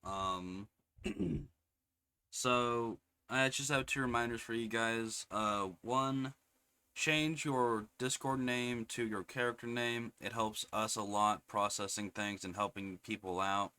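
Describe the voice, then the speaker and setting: A man on the staff of a roleplay server, calmly giving members plain reminders at a community meeting. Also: mid-range voice, slow, clean tone. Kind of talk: casual announcements.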